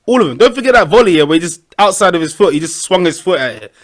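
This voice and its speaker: A young man, chatting casually as a podcast co-host, animated and full of slang. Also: high voice, racing. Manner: animated, slangy banter with laughs. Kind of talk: casual chat.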